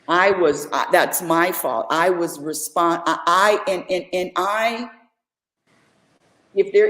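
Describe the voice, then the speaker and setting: An older woman telling stories in a casual chat, joking and animated, often repeating her words. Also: low-pitched. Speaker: podcast co-host, mother. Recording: echoey room.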